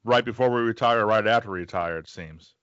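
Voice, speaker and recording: Smooth-voiced male podcast host. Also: on the low side, a little fast, no room sound. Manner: easygoing, gently prompting the guest. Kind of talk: interview questions. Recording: dry, dull lo-fi recording.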